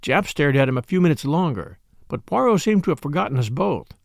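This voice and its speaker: Brief: male audiobook narrator, lively, gravelly tone, dry close sound. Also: fairly high pitch, brisk, dry recording. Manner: steady storytelling, voicing each figure. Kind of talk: scripted narration of a detective story.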